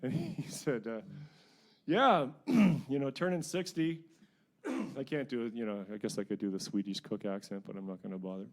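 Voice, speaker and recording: A middle-aged singer-songwriter from New Brunswick, telling rambling, self-mocking stories between songs at a house concert. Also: male voice, lowish voice, lively intonation, quick pace, warm tone. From New Brunswick, Canada. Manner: rambling, self-mocking anecdotes with frequent chuckles. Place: living room at a house concert.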